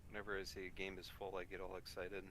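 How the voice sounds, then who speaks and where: A man's voice: sits low, monotone, quick pace, sharp tone. A man chatting casually during a game, laid-back and musing. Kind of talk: casual gaming chat.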